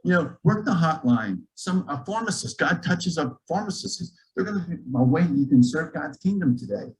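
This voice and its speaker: A man, a physician, telling a story to a church gathering in a lively, joking way, acting out the dialogue. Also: a little high, moderate pace, low-quality recording. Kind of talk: storytelling talk to a church audience. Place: church auditorium.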